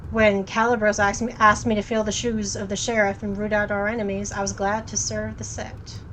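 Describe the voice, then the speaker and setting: A woman voicing a stern, dutiful male vampire sheriff in a game read-through, speaking in a clipped, measured way. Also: mid-range voice, little pitch movement, fairly bright tone, slight background noise, lightly acted, poor audio.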